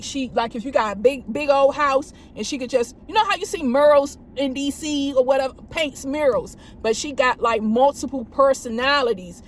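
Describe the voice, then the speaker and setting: A woman's voice: high voice, slight background noise. A woman police officer telling work stories in casual chat, acting out radio calls in a raised voice. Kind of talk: casual storytelling.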